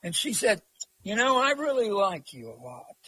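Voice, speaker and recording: High-voiced rambling folksy man. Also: big pitch swings, moderate pace, bright, forceful tone, husky, no room sound, poor audio. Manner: rambling, folksy, many fillers. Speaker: interview guest, long-distance walker. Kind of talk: casual storytelling.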